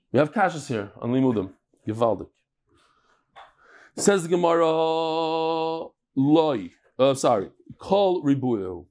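A man from Brooklyn giving a daily Talmud lecture to a live class, animated and emphatic, firing questions and quick asides at his students. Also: mid-range voice. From Brooklyn, New York. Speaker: Talmud teacher.

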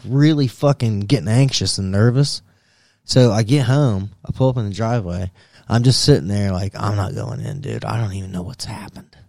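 A man's voice: lowish voice, warm tone, no echo, studio quality. A man on a podcast casually telling a wild story, swearing a lot, laughing and acting out what people said. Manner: profane, laughing, acts out quoted voices. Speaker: podcast co-host.

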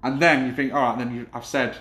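A man's voice: mid-range voice, flat delivery, quick pace, bright, forceful tone. A man telling football stories in a casual chat, rambling with many restarts. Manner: rambling storyteller, hesitant restarts. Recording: roomy echo.

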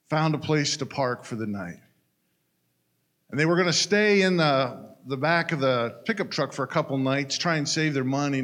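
A man's voice: mid-range voice, a bit bright. A man telling a story in a folksy, conversational way, talking straight to his listeners. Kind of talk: storytelling in a casual retelling.

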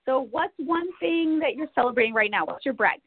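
A woman hosting a podcast, asking guests questions in a casual, effusive and animated way. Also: high-pitched, a little fast, husky, dry recording. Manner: animated, effusive, lively storytelling. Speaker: podcast host. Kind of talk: casual interview. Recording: tinny phone-like line with faint noise.

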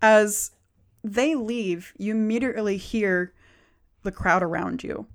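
A woman's voice: mid-range voice, slow, creaky. Casual woman running a tabletop game. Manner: casual, many fillers, laughs often. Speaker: game master.

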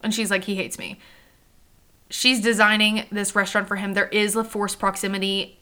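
A young woman with a bright, clear voice hosts a book podcast in a loose, chatty way. She acts out characters' lines as she talks and swears casually. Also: medium pitch, flat delivery, brisk. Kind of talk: casual chat.

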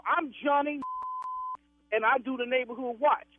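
A man's voice: extremely high pitch, fairly even intonation, unhurried. A man on the phone, defensive and indignant, cursing while he argues. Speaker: prank call target. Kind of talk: heated phone argument. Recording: dry tinny phone line.

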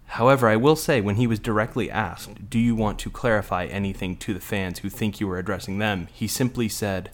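A man's voice: on the low side, fairly quick, hardly any pauses. A young adult man co-hosting a casual sports podcast, ranting heatedly and sarcastically, with a lot of swearing. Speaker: podcast co-host.

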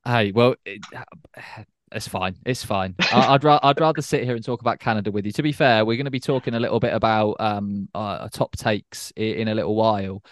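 A man's voice: fairly low pitch, steady tone, quick pace, hardly any pauses. A man hosting a casual podcast, teasing and joking with a guest. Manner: teasing, playful banter. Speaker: podcast host.

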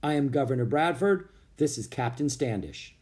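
A man's voice: mid-range voice, very animated, normal speed, a little mellow, natural voice. A man reading a storybook and voicing a friendly colonial governor who speaks in a courtly, old-fashioned way. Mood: warm.

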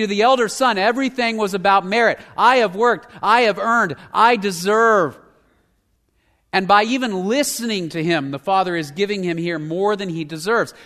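A male pastor preaching a sermon, shifting between emphatic, loud passages and hushed, near-whispered lines. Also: sits high. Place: church sanctuary. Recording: long hall reverb.

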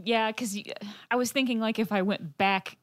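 A woman on a podcast panel, chatting casually and adding quick asides. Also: on the high side, steady tone, dry recording, studio quality. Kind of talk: casual chat.

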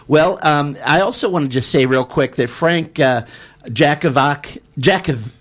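A man's voice: fairly high pitch, moderate pace. A man from Chicago hosting a radio interview show, chatty and rambling, often correcting himself mid-sentence.

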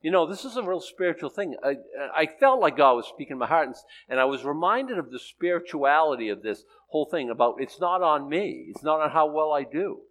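A man's voice: on the high side, very animated, a little fast, few pauses, fairly bright tone, rough recording. An older man teaching the Bible, reading scripture solemnly and then telling a story with many restarts. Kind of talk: sermon and storytelling.

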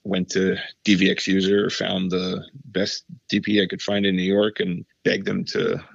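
Man, gravelly voice, rambling casual story, dull lo-fi sound. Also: deep voice, completely flat delivery, moderate pace, no room sound. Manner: rambling, lots of fillers, acts out quotes. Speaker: cinematographer guest.

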